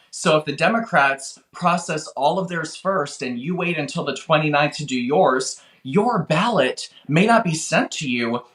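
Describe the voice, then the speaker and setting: A man's voice: a little high, fairly bright tone, echoey room. A man answering as a guest on a political show, talking in an earnest, urgent and pleading way. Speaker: guest, voter registration organizer. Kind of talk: interview answers.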